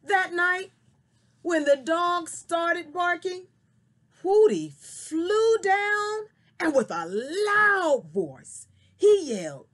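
A woman telling a story to children, slow and very expressive, then talking to her young viewers. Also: extremely high pitch. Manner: slow, sing-song and very expressive.

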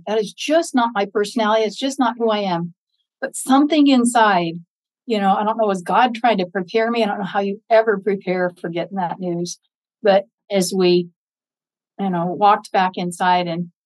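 A woman speaks earnestly about faith and loss in an interview setting. Her voice sits in a middle range and is recorded close and dry. She brightens and lifts her pitch when she acts out what others said. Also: dry recording, rough recording. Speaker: podcast guest, Gold Star mother. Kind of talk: interview storytelling.

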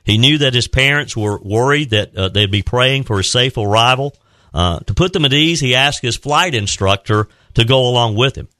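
A man hosting a radio talk show, his tone bright and forward. He speaks earnestly, stumbling and restarting often as he tells a story. A close, dry studio mic. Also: mid-range voice, animated, no echo. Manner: halting, many restarts, earnest. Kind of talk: heartfelt farewell talk and storytelling. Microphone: close studio microphone.

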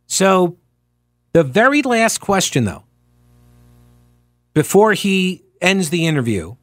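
A man's voice: high-pitched, slow pace, dry recording. A man hosting talk radio, arguing his points with rhetorical questions and restarts, speaking into a studio microphone. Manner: animated, argumentative, with frequent restarts and rhetorical questions. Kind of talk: opinionated talk radio commentary.

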